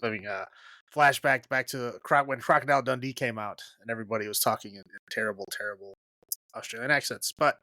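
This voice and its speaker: A man's voice: medium pitch, quick pace, sharp tone, no echo. A man hosting a casual horror podcast, chatting with a co-host and laughing often as he trails off mid-thought.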